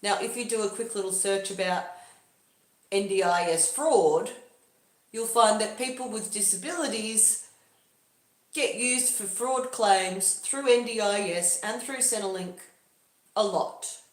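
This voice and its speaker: A woman's voice: mid-range voice, unhurried, echoey room. A woman talking through a casual livestream monologue in a musing, loosely paced way. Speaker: livestream host.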